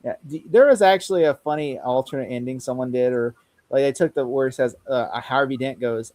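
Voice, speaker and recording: A man's voice: mid-range voice, fairly quick, a little mellow. A young man chatting casually on a podcast, rambling, laughing often and acting out lines he quotes. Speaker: podcast host. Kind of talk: casual chat.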